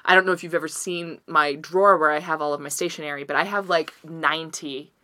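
A woman's voice: sits low, fairly even intonation, fast, bright, forceful tone, no echo. A young adult woman co-hosting a podcast in casual chat, jokey and swearing freely. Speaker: podcast co-host.

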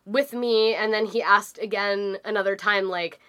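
A woman's voice: medium pitch, steady tone, moderate pace, a bit bright. A young adult woman co-hosting a podcast, telling stories in casual chat and swearing freely. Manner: chatty storyteller, swears freely. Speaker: podcast co-host.

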